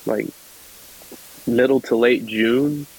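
A young man from the American South, a podcast guest telling a story in a relaxed chatty way and laughing often. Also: medium pitch, takes it slowly, breathy edge, rough recording. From South Georgia, United States. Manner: chatty, laughs often, acts out voices in his stories. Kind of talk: casual storytelling.

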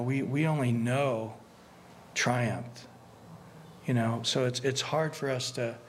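A man preaching a conversational sermon as pastor, earnest and animated, often restarting his sentences. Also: medium pitch, slight background noise. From United States.

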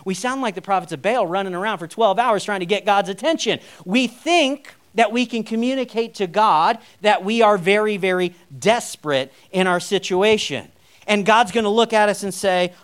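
A man with a fairly high voice preaches in an easy, chatty way. He drops wry jokes between his points. It sounds like a pastor talking to his congregation. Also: normal speed. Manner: conversational, with wry humorous asides. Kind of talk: sermon.

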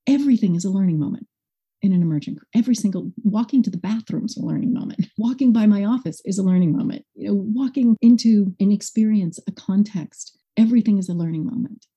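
A woman's voice: mid-range voice, creaky, slightly rough. A woman school director as a podcast guest, talking expressively and acting out quotes in a conversational interview. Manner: expressive, animated, acts out quotes.

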